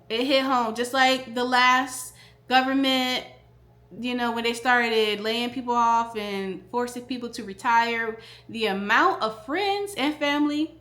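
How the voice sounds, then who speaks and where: High, bright-voiced woman vlogger. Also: reverberant. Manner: emphatic, repeats key phrases, talks straight to viewers. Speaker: stock trading educator and vlogger. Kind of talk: casual direct-to-camera talk.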